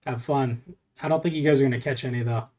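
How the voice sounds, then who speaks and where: A man's voice: mid-range voice, fairly even intonation, quick pace, a little mellow. A young man from Southern California streaming a game, chatting casually in a loose, profane, rambling way. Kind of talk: casual live-stream chat while playing.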